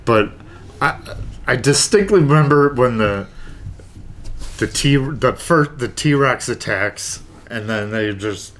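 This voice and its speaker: A man's voice: fairly low pitch, a little hiss or hum. A man co-hosting a casual podcast chat, laughing often as he recalls movie nights. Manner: slow, laughs often, lively intonation. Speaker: podcast co-host.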